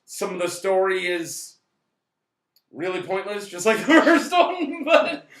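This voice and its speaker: A high-pitched man in his late twenties rambles through a casual movie review, cracking jokes and swearing. He sounds a bit tipsy and his bright, sharp voice rings around an echoey room. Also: big pitch swings, takes it slowly. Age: late 20s. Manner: rambling, joking, swears often, bursts into loud shouts. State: tipsy from tequila and beer. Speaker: co-host of a movie review channel.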